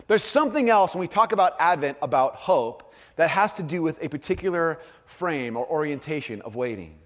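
A man preaching a sermon to a live congregation, conversational in tone, dropping to soft, low emphasis on key phrases. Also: expressive, fairly quick. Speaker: pastor. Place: large hall with audience. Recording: long hall reverb.

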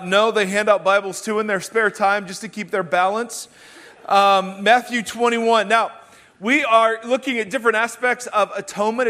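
A man's voice: sits high, a bit bright. A man in his thirties, a pastor preaching a sermon and dropping wry, self-deprecating jokes between Bible passages. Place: church auditorium. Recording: reverberant church hall.

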